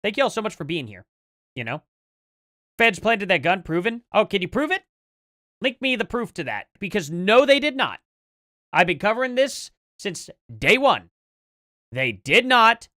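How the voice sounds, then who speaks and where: A livestream host fires back at clips in live reaction commentary, rebutting every claim and demanding proof. The pitch swings a lot from phrase to phrase. The voice is dry and close, with no room sound. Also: very animated, normal speed, pauses often, sharp tone, no echo.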